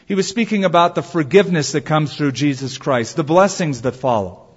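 A man pastor preaching a sermon, telling stories with drawn-out emphatic phrases. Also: on the high side, slightly rough. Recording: dull sound in a reverberant hall.

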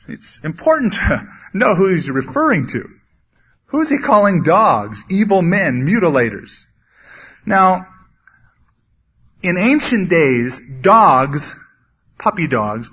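Husky-voiced man preaching a sermon. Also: very animated, slow. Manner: earnest Bible teaching, acting out quotes with sudden loud high bursts. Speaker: pastor. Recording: dull lo-fi sermon recording.

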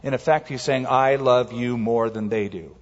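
A man's voice: mid-range voice, moderate pace. A man preaching a sermon, telling stories animatedly and acting out quotes in a raised voice. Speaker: pastor. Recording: muffled sound in a large reverberant hall.

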